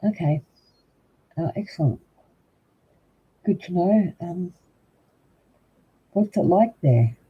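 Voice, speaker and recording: Older aussie guy rambling to his stream chat, lotsa ums, husky voice, sounds like a phone line. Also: sits high, lively intonation, slow pace, long pauses. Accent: Australian. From Australia. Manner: rambling, chatty, frequent ums, talks straight to chat. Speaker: livestream tarot reader. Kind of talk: casual livestream chat with viewers. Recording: tinny phone-like husky audio.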